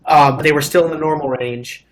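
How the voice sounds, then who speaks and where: A man's voice: fairly high pitch, steady tone, moderate pace, a crowd in the background. A man co-hosting a casual livestream, chatty and joking as he answers viewer comments. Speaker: co-host and culinary school graduate.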